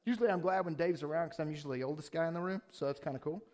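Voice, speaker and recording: A pastor giving a conversational sermon, eager and excited, often restarting his sentences and asking the room rhetorical questions. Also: fairly high pitch, racing.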